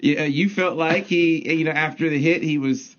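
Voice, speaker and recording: A man's voice: a little high, fairly even intonation, moderate pace, fairly bright tone. A male sports radio host in a studio, leading the chat and reading station breaks in an upbeat way. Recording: dull lo-fi radio broadcast.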